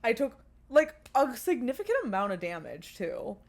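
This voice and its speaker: A young woman co-hosting a podcast, telling a story in casual chat, animated, swearing and laughing as she goes. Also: fairly high pitch, normal speed, vocal fry. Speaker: podcast co-host.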